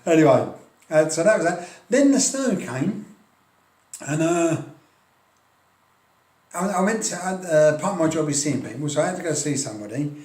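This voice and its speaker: A man's voice: a little high, sing-song, normal speed, long pauses, darkish tone, reverberant. A middle-aged Englishman, vlogging about his wargaming hobby in a chatty, self-deprecating way, often laughing and restarting his sentences. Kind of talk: casual rambling chat to camera. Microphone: filming on a tablet.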